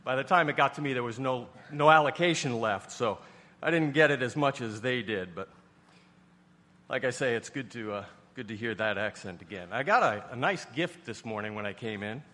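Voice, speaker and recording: A man's voice: mid-range voice, moderate pace, sharp tone, big-room sound. A man from New York preaching a sermon, folksy and conversational, rising to emphatic preaching. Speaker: pastor.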